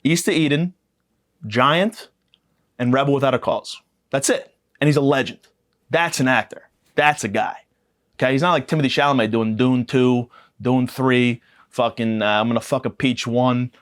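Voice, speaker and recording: A man's voice: medium pitch, steady tone, normal speed. A young man hosting a podcast, delivering a profane, mock-aggressive comedic rant that rambles from point to point. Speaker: podcast host.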